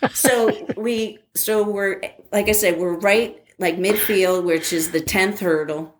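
An older woman in a casual interview, telling an animated story with many fillers and laughing at herself. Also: mid-range voice, slow, a little hiss or hum. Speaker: interviewee, former academy track athlete.

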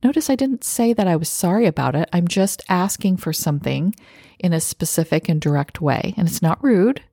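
Middle-aged woman podcasting solo, warm lowish voice, earnest, acts out little example lines, dry close mic. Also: expressive, moderate pace, vocal fry, dry recording. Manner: earnest, self-reflective, acts out little quoted phrases. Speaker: podcast host.

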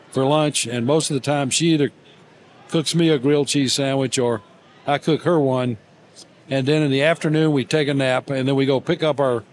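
An older man, a guest in an interview, telling warm everyday stories in a halting, gently humorous way, with many fillers and restarts. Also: mid-range voice, a little hiss or hum. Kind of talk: reflective storytelling interview.

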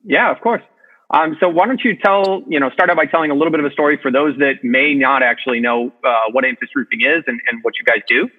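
A man's voice: on the high side, fast, narrow, tinny audio. A man hosting a podcast interview, asking casual questions full of fillers. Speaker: podcast host.

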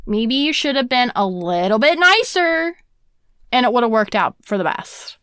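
Young woman, sassy history host, chatty, fairly high voice, crisp and clear, dry close sound. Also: lively intonation, moderate pace, fairly bright tone, dry recording. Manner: sassy, chatty, heavy use of "like". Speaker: podcast host. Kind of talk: casual history commentary.

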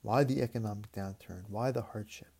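A man preaching a reflective sermon, speaking in a measured way with repeated phrases and long pauses. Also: on the low side, creaky, dark tone.

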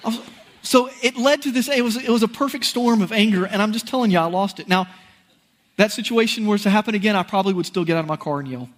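A man preaching a sermon, telling a personal story in an animated, folksy, conversational way. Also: high voice, fast.

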